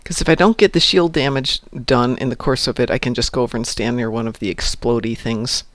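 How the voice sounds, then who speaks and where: A man's voice: mid-range voice, steady tone, fairly quick, a bit bright, no echo. A man streaming an online space game, chatting casually with viewers and making playful sound effects as he plays. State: hiccuping and burping. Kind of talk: casual live-stream chat.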